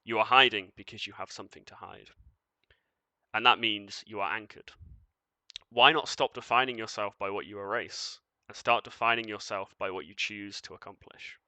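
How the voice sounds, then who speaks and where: Man doing a commanding light being, cold, measured, formal, sharp tone, dry sound. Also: lowish voice, fairly even intonation, no echo.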